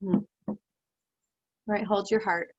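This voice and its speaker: A woman life coach leading a guided session over a video call, emotional and animated, laughing often as she talks. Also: mid-range voice, slow pace, husky, no room sound, highs cut off.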